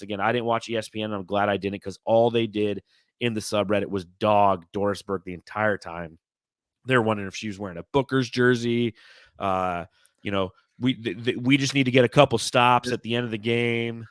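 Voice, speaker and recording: A man with a fairly low voice hosts a casual sports podcast. He talks in a relaxed, joking way. The sound is dry and close to the mic. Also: a little fast, no room sound. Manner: laid-back, joking, reads fan comments aloud. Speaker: podcast host.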